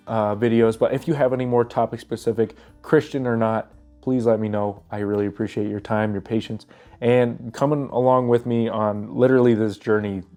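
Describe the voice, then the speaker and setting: A young male vlogger with a cold talks casually and earnestly to the camera for his viewers. His medium-pitched, mellow voice sounds stuffy and congested, and he rambles with plenty of fillers and restarts.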